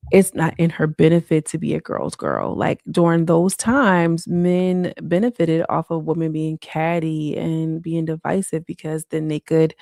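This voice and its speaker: A woman's voice: low-pitched, creaky, darkish tone, dry recording, studio quality. A woman hosting a casual late-night livestream, talking in slang and answering viewer comments. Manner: slangy, frequent "like" and "you know". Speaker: livestream host.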